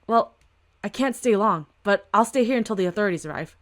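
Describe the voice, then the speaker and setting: A woman reading a webtoon aloud, voicing a calm young man who rescues someone from a fire. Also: mid-range voice, a little fast, lightly acted.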